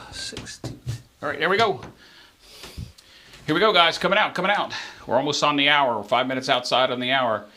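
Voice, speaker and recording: A man hosting a live craps stream, giving chatty play-by-play of the dice and talking straight to his viewers, jumping up in excitement when the dice land. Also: mid-range voice, brisk, long pauses, slight background noise.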